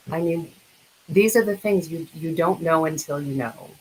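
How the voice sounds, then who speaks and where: Low-pitched woman giving an online talk about front desk phone habits, earnest, slight hiss. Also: normal speed, a little mellow, poor audio. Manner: earnest, with restarts, acting out phone scripts. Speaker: dental practice consultant speaker. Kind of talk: webinar presentation.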